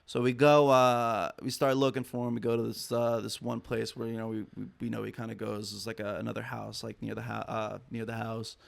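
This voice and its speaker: Gravelly-voiced man telling a rambling story. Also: medium pitch, flat delivery, brisk, few pauses. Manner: rambling, profane, heavy on "I'm like" and fillers. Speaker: podcast guest. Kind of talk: casual storytelling.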